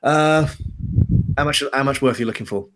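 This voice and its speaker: A man's voice: medium pitch, a little fast, a bit bright, voice pushed up, close to an everyday voice. A man voicing a pierced, mocking male gang dealer who swears freely. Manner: sneering, swearing.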